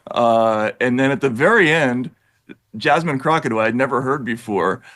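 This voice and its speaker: A man appearing as a guest commentator on a political talk show, telling an anecdote in a measured way with fillers. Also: mid-range voice, expressive, fairly bright tone.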